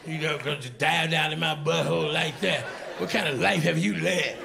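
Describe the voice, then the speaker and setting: A man performing crude, animated stand-up comedy on stage, shouting punchlines before a live audience. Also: a little high, brisk, vocal fry, background noise. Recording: live stand-up with crowd laughter.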